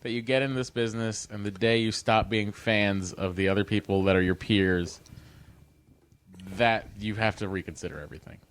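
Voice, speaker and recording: A man's voice: fairly low pitch, steady tone, moderate pace, a bit bright, clean tone. A man in his thirties, a comedian guest on a podcast, talking casually, emphatic and full of swearing.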